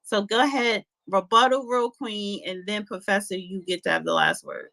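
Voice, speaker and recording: A woman moderating an online audio room, briskly handing out turns to speak. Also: mid-range voice, very animated, bright, forceful tone, low-quality recording. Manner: brisk, directs speakers by turn.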